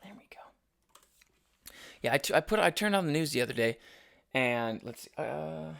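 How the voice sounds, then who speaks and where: A man's voice: medium pitch, expressive, quick pace, a bit bright, clear, resonant tone. A young adult man hosting a casual solo podcast, rambling and opinionated with frequent restarts. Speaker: podcast host.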